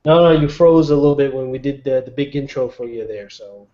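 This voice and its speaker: A man's voice: medium pitch, fairly quick, warm tone. A man hosting a casual live online chat show from home, laid-back and jokey. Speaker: host. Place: home in Nova Scotia. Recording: lo-fi online call audio.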